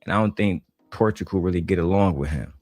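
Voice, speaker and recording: A man's voice: low voice, fast talker, a little mellow, no echo, soft background music. A man from Detroit reacting to a debate on his stream, ranting bluntly and with heavy profanity.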